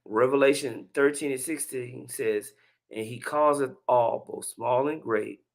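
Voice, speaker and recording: Man, mid-pitched voice, laid-back, slangy, casual religious commentary. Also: a little slow, vocal fry. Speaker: religious commentary video host.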